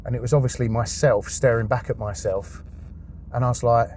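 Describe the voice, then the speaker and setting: A man's voice: mid-range voice, steady tone, brisk, a little mellow, slight background noise. A man, a podcast guest, telling a raw personal story, swearing often and acting out his past thoughts.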